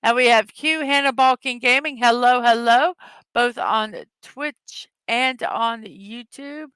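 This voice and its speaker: A woman hosting a daily morning show in a casual, upbeat, chatty way, reading puzzle words slowly one at a time and greeting her viewers. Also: on the high side, fairly bright tone, smooth, no echo. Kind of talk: casual livestream chat, reading puzzle words and memes aloud.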